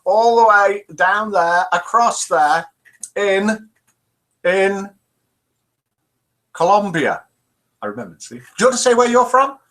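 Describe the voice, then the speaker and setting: A man's voice: high voice, lively intonation, takes it slowly, long pauses, a bit bright. A man hosting a live morning chat show, chatting playfully and reading out jokes and viewer scores. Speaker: host.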